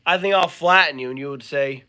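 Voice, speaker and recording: A young man co-hosting a casual podcast, animated and doing impressions. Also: fairly high pitch, a little fast. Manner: animated, does voices and shouts. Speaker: podcast co-host. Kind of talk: casual chat.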